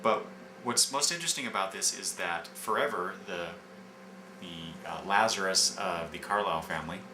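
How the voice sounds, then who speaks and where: Male reviewer, low voice, loose and rambling delivery; roomy echo, audible background noise. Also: moderate pace. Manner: rambling, many fillers and restarts. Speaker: comic book reviewer. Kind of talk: casual review, retelling scenes. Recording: echoey room with background noise.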